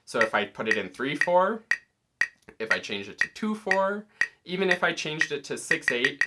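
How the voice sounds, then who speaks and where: A man teaching music in a relaxed, explanatory tutorial, walking through settings step by step. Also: mid-range voice. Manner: relaxed, explanatory, occasionally counting beats aloud.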